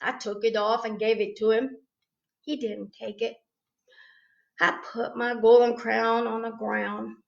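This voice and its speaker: A woman reading a children's storybook aloud in a gentle, expressive way, on a slightly dull recording. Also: medium pitch, creaky.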